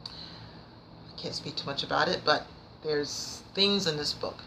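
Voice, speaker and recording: Lady chatting about books on her channel, kinda nervous, trips over her words, super passionate, sharp bright voice. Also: sits low, takes it slowly, vocal fry, a little hiss or hum, rough recording. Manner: excitable, passionate. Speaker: book vlogger. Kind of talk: casual book review chat.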